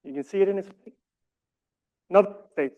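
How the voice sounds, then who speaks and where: A man's voice: sits high, fairly quick, lo-fi sound. Man giving a casual training talk. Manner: casual, self-deprecating asides. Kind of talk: training presentation.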